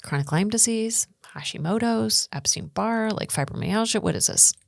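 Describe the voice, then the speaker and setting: Speaking at a moderate pace in a medium-pitched, creaky voice, a middle-aged American woman shares her story as a podcast guest. The guest speaker and coach tells it earnestly and animatedly, performing the quotes of others. The recording is studio quality with no echo.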